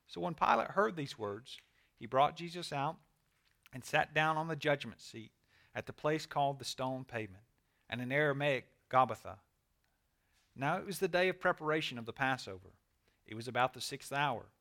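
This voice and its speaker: Male pastor, earnest and measured, forceful, clear tone. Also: medium pitch, lively intonation. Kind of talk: scripture reading and prayer.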